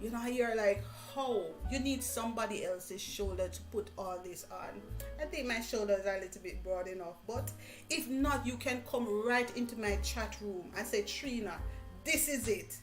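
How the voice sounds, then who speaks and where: A middle-aged Jamaican woman hosting a motivational live stream, talking in an animated way, repeating phrases and laughing often. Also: mid-range voice, moderate pace. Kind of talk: casual interview chat. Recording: echoey room with faint music.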